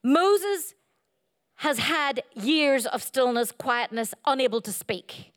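A middle-aged woman preaching a sermon, animated and playful, telling humorous stories and slipping into silly voices. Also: slow. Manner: animated, playful, jumps into high silly voices for quoted lines.

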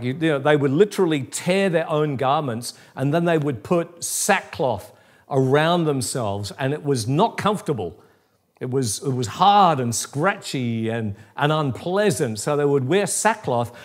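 A middle-aged man, a pastor, preaching a sermon in a conversational way with humorous asides. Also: on the high side.

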